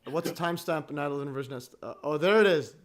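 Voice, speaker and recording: A man hosting a livestream in casual chat, halting and full of restarts, chuckling often as he talks. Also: on the high side, a crowd in the background. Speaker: livestream host.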